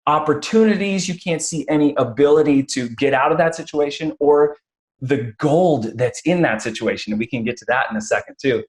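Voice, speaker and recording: A man's voice: on the high side, brisk. A man hosting a conversational interview, telling stories with frequent restarts and acting out quotes. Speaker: podcast host.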